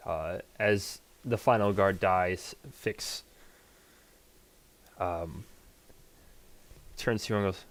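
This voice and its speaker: Slow-talking man running a tabletop game. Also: low-pitched, fairly even intonation. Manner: laughs often, hesitant with many fillers. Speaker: game master. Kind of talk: narrating a tabletop game, casual chat.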